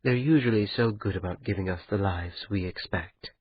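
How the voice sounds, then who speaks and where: A calm, dry-witted young woman murmurs to her lover in a hushed, teasing tone, voiced by a male audiobook narrator. Her voice sits low and husky. The recording is dry and slightly muffled. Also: moderate pace, no room sound.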